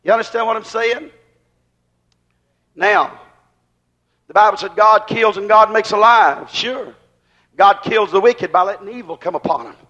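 A man preaching a sermon in fiery bursts, often shouting. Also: high-pitched, a little slow, pauses often, dull audio.

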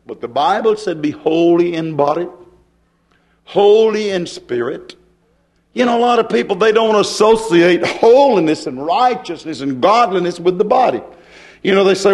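A man preaching a fervent sermon, hollering and getting excited, mimicking hecklers and answering them. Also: high-pitched, measured pace.

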